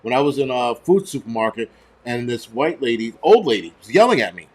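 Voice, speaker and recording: A man's voice: medium pitch, very animated, a little fast, slightly rough. A man, hosting a prepper channel and telling stories in a heated, profane, rambling rant. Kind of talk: casual ranting monologue.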